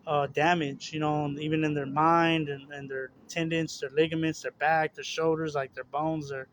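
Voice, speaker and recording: A young man with a slightly raised pitch talks in a loose, confessional monologue. He rambles, doubling back on his words and stringing thoughts together with fillers. The tone is earnest and personal. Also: little pitch movement, moderate pace, a little hiss or hum. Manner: rambling, repeats words and restarts, many fillers. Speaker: religious video host. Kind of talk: casual spiritual monologue.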